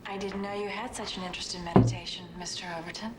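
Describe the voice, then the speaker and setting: A woman's voice: mid-range voice, steady tone, fast, heavy background noise, natural voice. An actress playing a pushy woman friend in a live-action game, speaking insistently.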